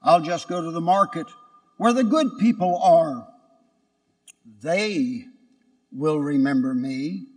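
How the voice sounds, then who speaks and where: A vain young donkey, self-important and quick to turn cross, put on by a male priest. The voice sits high and bright, and it rings out in a big church with a long echo. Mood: muttering.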